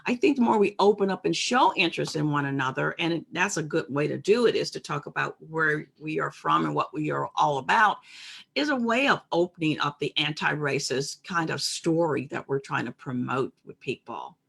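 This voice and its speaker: A woman's voice: low-pitched, animated, moderate pace, creaky, fairly bright tone, breathy edge. A woman co-hosting a casual discussion, reflective and emphatic, making her points carefully. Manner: reflective, emphatic, acts out quoted remarks. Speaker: co-host.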